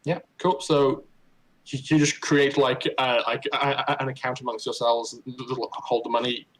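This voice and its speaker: A man's voice: mid-range voice, level tone, normal speed, poor audio. Stammering male game master. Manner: stammering, many repeated starts. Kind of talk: narrating a tabletop game.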